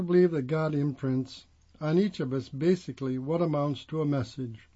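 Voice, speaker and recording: A man's voice: fairly high pitch, normal speed, warm tone, highs cut off. Older man telling his life story. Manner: reflective storyteller who acts out quoted dialogue. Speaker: former prosecutor and judge turned clergyman. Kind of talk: first-person storytelling monologue.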